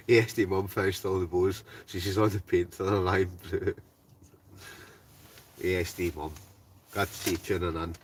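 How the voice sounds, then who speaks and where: Deep-voiced Ayrshire Scottish man hosting a live quiz. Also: little pitch movement, normal speed, pauses often, distant mic, a little hiss or hum. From Scotland. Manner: jokey, chatty, laughs often, talks straight to viewers. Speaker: live-stream host. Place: inside a tent with a stove.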